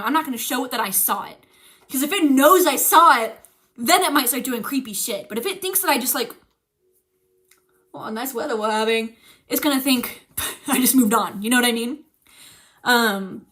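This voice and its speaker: A young woman streamer telling a frightening story in casual chat, animated and swearing, teary-eyed as she talks. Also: sits high, brisk. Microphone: streaming mic.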